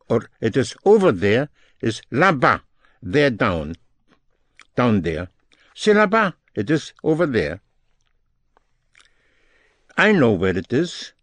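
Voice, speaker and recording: A man teaching French phrases, explaining each one slowly and repeating it in both languages. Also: fairly low pitch, dry recording. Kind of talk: slow, deliberate language lesson.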